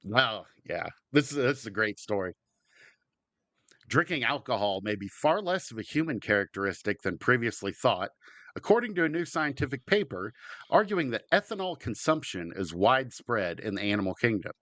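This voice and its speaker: A man's voice: mid-range voice, big pitch swings, moderate pace, sharp tone, no room sound. A man co-hosting a comedy podcast, reading out news stories and laughing easily. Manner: laughs easily, reads headlines aloud. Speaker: podcast co-host.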